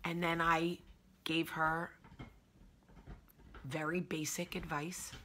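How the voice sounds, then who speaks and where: A woman's voice: low-pitched, level tone, slow pace, bright, forceful tone, a little hiss or hum. A woman in her thirties with a New Jersey accent, hosting a candid personal vlog in an emotional, confessional way. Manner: emotional, confessional, emphatic repetition. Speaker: show host.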